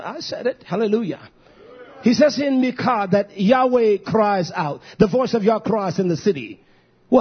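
Husky fiery preacher man, lo-fi. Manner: swings between shouting and low mutters, drawn-out emphasis. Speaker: pastor. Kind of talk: fiery sermon. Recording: dull lo-fi recording.

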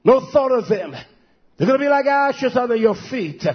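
A man's voice: very high-pitched, animated, moderate pace, husky, muffled recording. A man preaching a sermon, firing off rhetorical questions and repeating his points for emphasis.

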